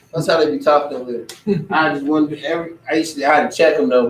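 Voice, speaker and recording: Man, somewhat high voice, animated casual teacher who slips into impressions, recorded far off in a roomy space. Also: quick pace, a little hiss or hum. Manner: animated, mimics other people's voices. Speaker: religious teacher. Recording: echoey room, distant mic.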